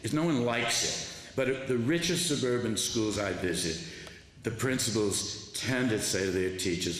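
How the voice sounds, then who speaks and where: An older man giving a public talk as an author, telling classroom stories in an animated way with many restarts. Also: lowish voice, moderate pace. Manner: animated storyteller, quoting students, frequent restarts. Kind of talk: public lecture storytelling. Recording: echoey hall with faint noise.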